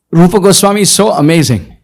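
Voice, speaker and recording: A man with a notably high-pitched voice leads a devotional talk at a retreat. He intones verses slowly and then unpacks them word by word, with firm emphasis. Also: creaky. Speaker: spiritual teacher. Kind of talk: devotional lecture. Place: retreat hall, before a live audience.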